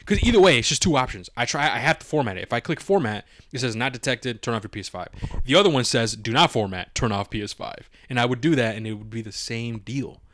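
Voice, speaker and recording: A young man on a podcast telling a long story in casual chat, animated, swearing freely and acting out what everyone said. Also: medium pitch, quick pace, hardly any pauses, no room sound, studio quality. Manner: animated, swears a lot, acts out his own quotes. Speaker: podcast co-host.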